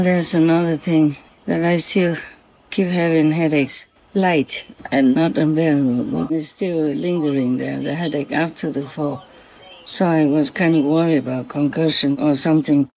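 A soft-spoken vlogger who talks gently and affectionately, as in a spoken diary at night. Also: medium pitch, gravelly, low-quality recording. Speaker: vlogger speaking to a visiting fox spirit. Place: outdoors at night by a forest.

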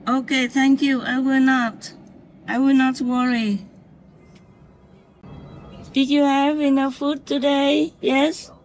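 A woman talking softly and tenderly to a wild fox outdoors at night, slow and reassuring. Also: high-pitched, little pitch movement, slight background noise. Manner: soft, doting, slow and reassuring. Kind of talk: tender one-sided talk to an animal.

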